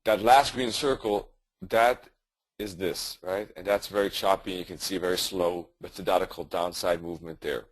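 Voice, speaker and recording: With a low, steady voice at normal speed, a man runs a live trading webinar, explaining charts conversationally as he thinks aloud, full of fillers and self-corrections. There's no room sound, but the audio quality is poor.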